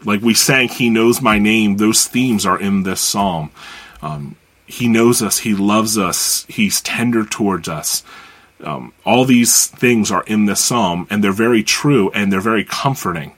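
Earnest low-voiced American pastor preaching. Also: male voice, unhurried, fairly bright tone. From United States. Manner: earnest, conversational teaching. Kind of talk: sermon.

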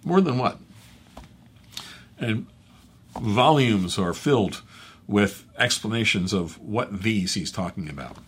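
Casting: low, husky male pastor with a conversational, halting teaching delivery. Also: lively intonation. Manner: conversational, halting, with fillers and self-corrections. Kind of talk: bible teaching.

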